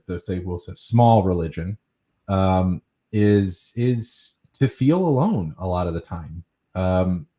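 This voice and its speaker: A man co-hosting a casual conversation, speaking in a laid-back, halting way and correcting himself as he goes. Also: fairly low pitch, warm tone.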